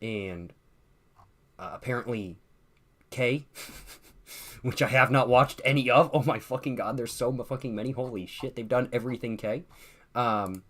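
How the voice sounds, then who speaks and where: A man's voice: mid-range voice, moderate pace, pauses often, a bit bright. A young man hosting a casual livestream, chatting and reading viewer comments in a loose, profane, slangy way, often repeating himself and laughing. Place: at home streaming with a drink at hand.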